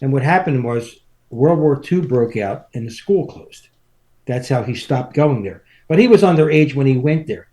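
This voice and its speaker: A man's voice: mid-range voice, animated, normal speed, mellow. A man in his seventies, a podcast guest, telling rambling family stories in casual chat and chuckling through them. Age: 70s.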